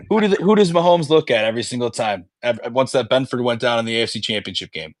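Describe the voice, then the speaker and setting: A man's voice: mid-range voice, fast, few pauses, a bit bright, no echo. A man co-hosting a casual sports podcast, telling rambling stories full of swearing. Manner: profane, rambling storyteller. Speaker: podcast co-host.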